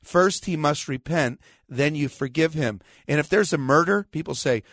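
A man with a somewhat high voice preaches on his own radio program. He argues combatively and with sarcasm, firing rhetorical questions. He quotes scripture slowly and with weight, and the recording is dry and close. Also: fairly bright tone, no room sound. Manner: slows down and stresses scripture quotes. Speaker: pastor and radio show host.

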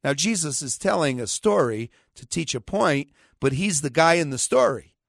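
A man's voice: a little high, animated, moderate pace, gravelly, no echo, studio quality. A man, a pastor hosting a radio talk show, preaching in a combative, sarcastic way and quoting scripture with emphatic repetition.

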